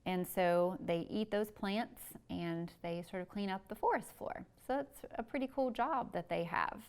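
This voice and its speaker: A woman's voice: mid-range voice, moderate pace, a little mellow, clean tone. A young woman, a museum educator, reading a picture book aloud to children with sing-song animal sounds, then talking about insects. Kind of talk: children's story time reading and talk.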